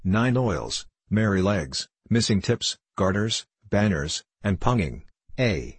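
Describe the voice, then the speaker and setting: A man's voice: on the low side, very animated, takes it slowly, slightly rough, dry recording, heavily acted. A man reading the part of a boastful, self-made businessman who speaks bluffly and scornfully.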